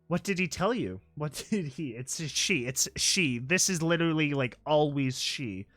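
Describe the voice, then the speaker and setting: A narrator reading a slideshow story aloud and reacting to it, excitable and yelling in disbelief with mild swearing. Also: medium pitch, normal speed, hardly any pauses, faint music behind.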